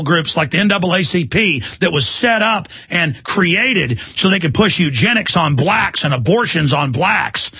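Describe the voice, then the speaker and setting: Bright, husky-voiced ranting radio host man. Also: on the high side, expressive, measured pace, few pauses, dry recording. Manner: combative, insulting, heated ranting. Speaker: radio talk show host. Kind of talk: ranting talk radio monologue. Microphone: studio microphone.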